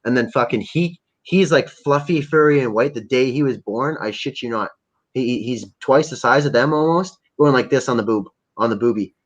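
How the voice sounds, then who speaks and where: Young male streamer, loose and swear-heavy storyteller, average pitch, muffled lo-fi sound. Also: normal speed. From Canada. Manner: rambling, profane, jokey storytelling. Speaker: livestream host. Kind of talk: casual livestream chat. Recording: dull lo-fi stream audio.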